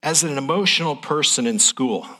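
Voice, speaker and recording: Man, middle-aged, church sermon, folksy and candid, bright tone, husky edge. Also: fairly high pitch, lively intonation, normal speed. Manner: folksy, transparent, emotional delivery. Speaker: preacher.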